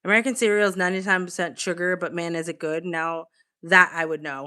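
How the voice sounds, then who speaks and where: Curled up on a couch at home under a blanket, a young woman with a Boston accent hosts a casual live stream, swearing freely and answering her chat. Her voice is on the low side, steady, bright and pushed, and she talks fast.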